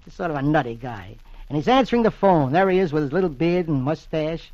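A man with a slightly high, expressive, brisk and somewhat mellow voice hosts a 1940s-style radio reading of the comics. He's folksy and chatty and acts out the voices himself. The recording is lo-fi old radio with no echo.

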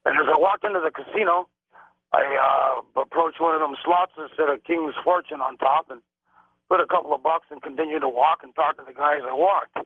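A middle-aged man calling in to a radio show, telling a story in an animated way and acting out the lines people said. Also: a little high, fairly quick, no echo. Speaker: caller. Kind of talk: phone-in storytelling. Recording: tinny phone line, dry.

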